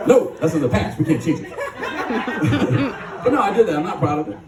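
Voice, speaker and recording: A man's voice: very high-pitched, far from the mic, heavy background noise. A man from Michigan speaking at a recovery rally, telling his story in a joking, rambling way with frequent laughs. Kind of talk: recovery testimony talk. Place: live rally stage. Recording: echoey and off-mic.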